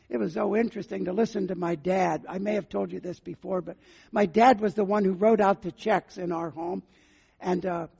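A man's voice: high voice, vocal fry, darkish tone, slightly rough. An older man preaching a sermon as a pastor, earnestly putting questions to his listeners. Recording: muffled sound with long hall reverb.

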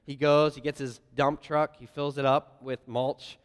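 A man preaching a sermon, telling lively stories with playful voiced asides. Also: medium pitch, a little slow, smooth. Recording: long hall reverb.

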